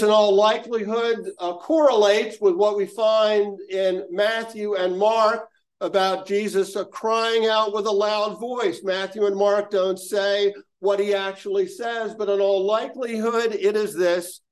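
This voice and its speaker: A male pastor delivering a sermon in a fairly high voice. He speaks slowly and deliberately, leaving long pauses between phrases and letting each point settle.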